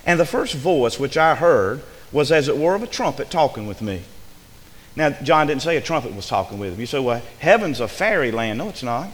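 A man's voice: mid-range voice, lively intonation, brisk. A man preaching a sermon, asking his congregation rhetorical questions with rising fervor. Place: church. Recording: long hall reverb.

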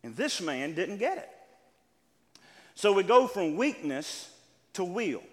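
A man's voice: sits high, slow. A man preaching a sermon in a church, acting out voices as he goes. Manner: animated preaching, acts out voices. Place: church sanctuary. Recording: long reverb of a large hall.

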